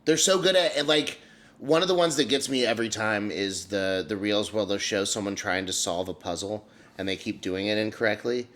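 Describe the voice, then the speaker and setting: A man's voice: on the low side, moderate pace, a bit bright. A young man co-hosting a casual comedy podcast, wry and teasing, often laughing. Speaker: podcast co-host. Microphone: desk mic with ring light.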